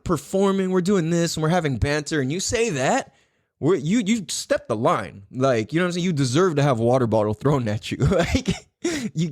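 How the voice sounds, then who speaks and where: A man hosting a podcast in casual chat, swearing freely and jumping up into a higher voice to act out what others said. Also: dry recording, studio quality. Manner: animated, swears a lot, acts out quotes in a higher voice. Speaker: podcast host.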